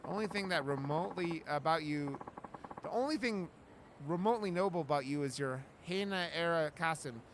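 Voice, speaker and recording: A man voicing a weary, sarcastic male game hero who mocks and sighs in a lowered voice. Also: fairly quick, noisy background, close to an everyday voice. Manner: dry, mocking, exasperated.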